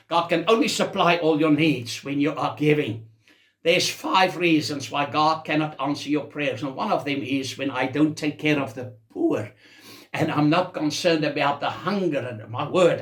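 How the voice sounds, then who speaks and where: A man's voice: on the high side, a bit bright, reverberant. A man preaching a sermon as senior pastor, with a South African accent, exclaiming as he goes.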